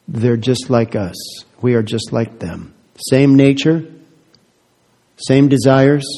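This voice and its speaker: A man's voice: medium pitch, steady tone, slow pace. Male pastor preaching in a reverberant hall. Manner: dramatic swings from soft to loud, rhetorical questions. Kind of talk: sermon.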